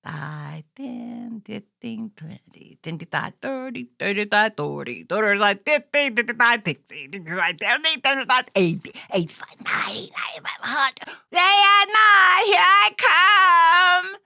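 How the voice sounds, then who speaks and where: Kid sidekick, little girl, squeaky, whiny and bouncy, as a man puts her on, crisp dry sound. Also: big pitch swings, moderate pace, hardly any pauses, bright, forceful tone, no room sound, exaggerated voice. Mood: giddy.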